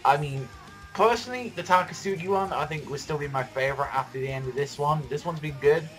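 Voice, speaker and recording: Excitable, foul-mouthed man reacting to manga. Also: fairly high pitch, a little fast, faint music behind. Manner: excitable, profane, rambling with many fillers. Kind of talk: casual reaction commentary.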